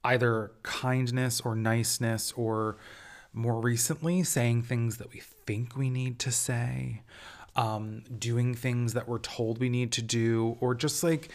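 A man's voice: medium pitch, fairly even intonation, takes it slowly. A man hosting a casual solo review podcast, talking in an amused, enthusiastic way with lots of fillers and restarts. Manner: chatty, rambling with many fillers and restarts. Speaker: TV critic podcast host.

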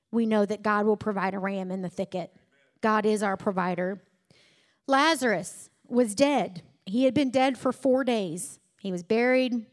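A woman preaching a sermon, retelling scripture stories and building to emphatic peaks. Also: fairly high pitch.

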